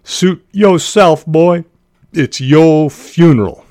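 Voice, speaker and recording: A man's voice: a little high, slow, mellow, dry recording, studio quality, voice pushed up. A man reading the dialogue of a sly, menacing Southern country deputy aloud, with a Southern country accent and an emphatic drawl. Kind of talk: dramatic reading of novel dialogue.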